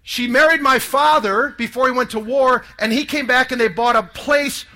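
Man in his 60s telling his testimony, really bright ringing voice, goes quiet then loud. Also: very high voice, moderate pace. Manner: dramatic storytelling, sinking to hushed tones and rising to loud outbursts. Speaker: speaker giving a testimony. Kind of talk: emotional testimony talk to a live audience.

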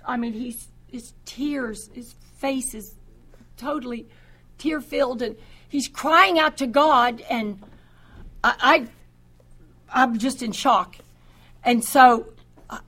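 An older woman telling a personal faith story in a halting way, often repeating words and restarting her sentences. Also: high voice, pushed and bright. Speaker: speaker giving a personal testimony.

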